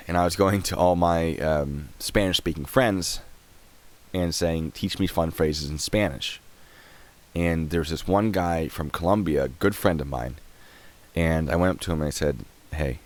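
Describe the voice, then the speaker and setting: Deep-voiced man chatting on a live stream. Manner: chatty, laughs often, trails off while clicking around. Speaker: streamer reacting to videos and chat. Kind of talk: casual live-stream commentary.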